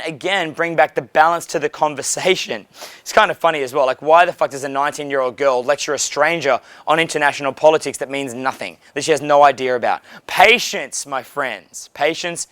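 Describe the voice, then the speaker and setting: A blunt, animated man coaching on dating, swearing freely in a somewhat high voice. The sound is dry and close, with no room echo. He talks loosely and directly, as if to a friend. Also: a little fast. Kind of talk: casual coaching monologue. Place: hotel.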